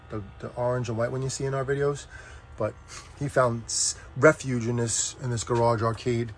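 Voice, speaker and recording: Carrying a camera through his garage arcade, a middle-aged man gives a chatty, meandering walk-through for his vlog, often cutting himself off mid-thought. He has a medium-pitched voice, and the audio has a little hiss or hum.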